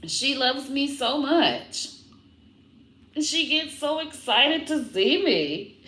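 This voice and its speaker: Woman vlogger, casual chat, bright lively voice, slow and drawn out, roomy echo. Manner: animated, slips into high baby talk to her dog. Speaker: comedian vlogger talking about her puppy.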